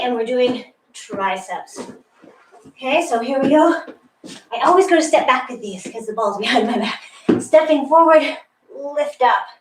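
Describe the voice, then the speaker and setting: A woman's voice: high-pitched, far from the mic, noisy background. Upbeat, encouraging woman in an echoey room. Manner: upbeat, encouraging, laughs often. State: a little out of breath. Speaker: fitness instructor. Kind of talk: guided workout instruction. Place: room with a wall and ceiling tiles, indoors.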